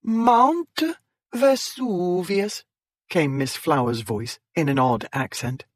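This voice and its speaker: A man voicing a playful young woman who reads aloud in exaggerated, drawn-out foreign accents. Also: mid-range voice, husky, dry recording, clean studio sound. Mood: mock-theatrical.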